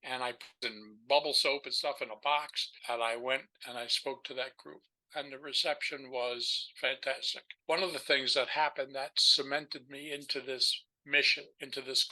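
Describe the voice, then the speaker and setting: An older man, a podcast guest, telling stories in an animated, rambling way, with many restarts. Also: a little high, rough recording. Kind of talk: storytelling in a casual chat.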